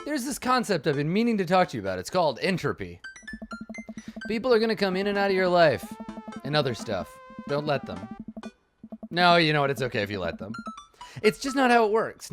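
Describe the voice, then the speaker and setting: A man playing a goofy advice-giving dad. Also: a little high. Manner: mock-solemn fatherly advice with comic swerves. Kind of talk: reading game dialogue aloud.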